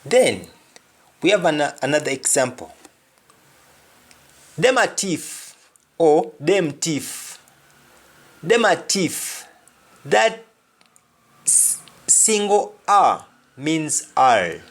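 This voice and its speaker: Slow, deliberate male language teacher. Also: on the high side, big pitch swings. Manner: slow and deliberate, repeating each example. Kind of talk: spoken language lesson.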